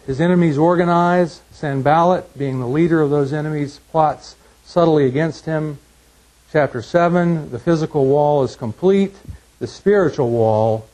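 Husky man teaching a Bible class. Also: fairly high pitch, darkish tone, low-quality recording. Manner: measured, frequent restarts and fillers.

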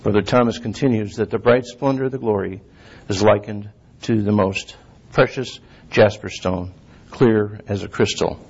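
A man giving a sermon, reading scripture slowly and clearing his throat often. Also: lowish voice, steady tone. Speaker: lay preacher. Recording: dull lo-fi recording.

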